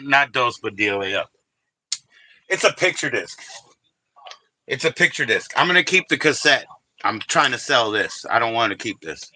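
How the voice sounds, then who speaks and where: Male livestream host, casual and profane, bright lively delivery. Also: mid-range voice, low-quality recording. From Washington DC area. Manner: rambling, profane, sings snatches of songs. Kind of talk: casual livestream chat about records.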